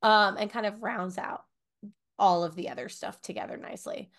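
A woman's voice: mid-range voice, fairly even intonation, normal speed. A woman co-hosting a book podcast from home, chatting casually with many fillers and asides. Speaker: podcast co-host. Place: home room with bookshelves.

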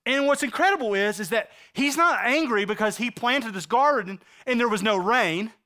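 A man preaching a sermon, acting out the quotes he reads and swinging between loud outbursts and hushed lines. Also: very high voice, lively intonation, normal speed.

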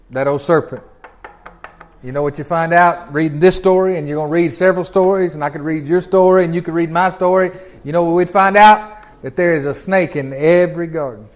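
High-voiced man teaching scripture. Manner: folksy, animated, chuckles often, restarts phrases. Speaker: pastor teaching a Bible class. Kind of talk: conversational Bible teaching.

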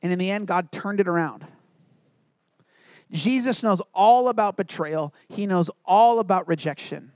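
A man preaching a sermon as a pastor, telling a personal story earnestly and dropping to quiet, low tones for emphasis. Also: normal speed, dry recording.

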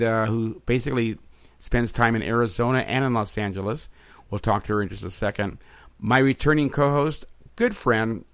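A man's voice: mid-range voice, fairly bright tone, no echo. A man hosting a podcast in an upbeat, chatty way, with frequent fillers. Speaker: podcast host. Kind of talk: casual podcast chat. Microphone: remote recording setup.

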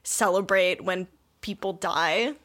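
A woman's voice: medium pitch, slow pace, fairly bright tone. A young woman co-hosting a podcast in casual chat, with a dry, laid-back manner. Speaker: podcast co-host.

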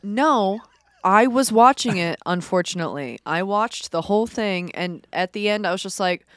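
A woman's voice: mid-range voice, animated, normal speed, fairly bright tone, clear, resonant tone, dry recording, studio quality. A woman co-hosting a podcast, chatting casually and laughing often as she retells things dramatically. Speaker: podcast co-host. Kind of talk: casual chat.

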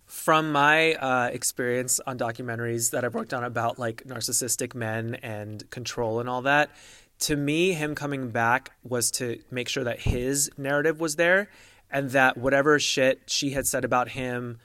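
A man co-hosting a podcast in casual gossip chat, measured and analytical, often mimicking people he quotes. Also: mid-range voice, steady tone, bright, forceful tone, clear, resonant tone, dry recording, clean studio sound. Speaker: podcast co-host.

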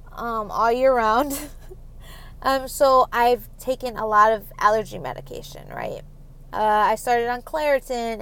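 A woman's voice: fairly high pitch, fairly bright tone. Rambling young woman, nervous laughter. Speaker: podcast host. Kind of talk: casual solo podcast confession.

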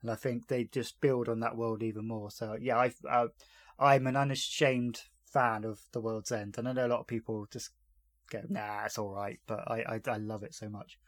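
A man hosts a relaxed podcast, chatting through a TV episode with an easy, amused manner. He retells scenes in a dry voice and laughs along the way. His voice sounds close and dry, with no room echo. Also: medium pitch, normal speed. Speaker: podcast host. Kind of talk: casual podcast chat recapping a TV episode.

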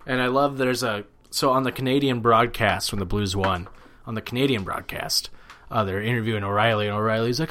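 A young man chatting casually about sports as a podcast co-host, animated and swearing freely, with plenty of fillers. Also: lowish voice, fairly quick.

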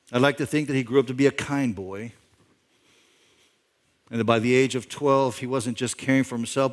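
A middle-aged male pastor giving a sermon, telling a story conversationally, with lines that climb louder and higher for emphasis. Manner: conversational storytelling, imagining a backstory aloud; rises in pitch and volume for emphasis.

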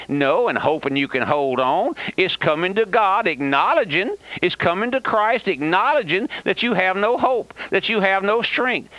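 A man's voice: fairly high pitch, pushed and bright, no echo. An older man preaching a fiery radio sermon, with an impassioned, repetitive cadence and folksy asides. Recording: dull lo-fi old radio broadcast.

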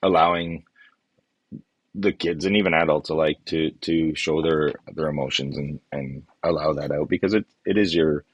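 A man's voice: extremely low pitch, steady tone, moderate pace, dry recording, highs cut off. A man hosting a podcast conversation, talking earnestly with many restarts and trailing phrases. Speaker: podcast host.

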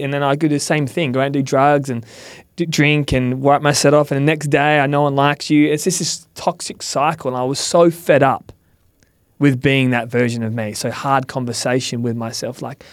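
A man's voice: mid-range voice, little pitch movement, normal speed, no echo, clean studio sound. A man on a podcast giving candid, earnest advice, swearing now and then and acting out quoted lines. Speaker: podcast guest, mentor. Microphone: studio mic.

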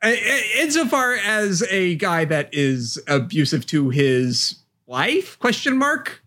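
Male podcast co-host, higher-pitched, sardonic, swears freely in casual game chat. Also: sing-song, slow, pushed and bright.

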